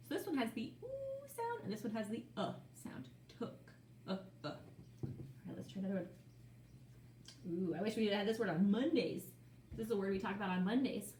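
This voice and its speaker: A woman teaching young children phonics, sounding out words slowly in a playful, sing-song way. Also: mid-range voice, very animated, warm tone, echoey room, a little hiss or hum.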